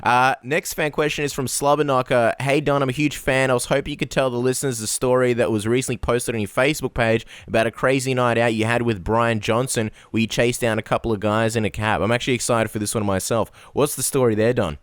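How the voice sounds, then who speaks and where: A man's voice: mid-range voice, steady tone, fast, hardly any pauses, clean tone, no room sound. Joking guy co-hosting, close dry sound, mid voice. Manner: chatty, joking. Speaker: podcast co-host. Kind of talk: casual interview.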